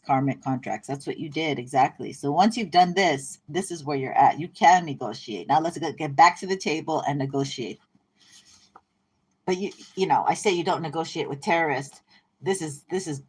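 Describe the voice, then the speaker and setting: A woman's voice: sits low, a little mellow, breathy edge. A woman giving a casual, chatty tarot reading in an irreverent manner, often laughing. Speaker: tarot reader. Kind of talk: casual spiritual card reading.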